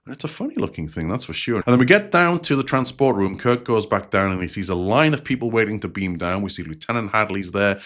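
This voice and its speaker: A man's voice: lowish voice, lively intonation, fast talker, few pauses, fairly bright tone. A man hosting a show, casually recapping a TV episode scene by scene in a chatty, reflective way. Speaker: show host.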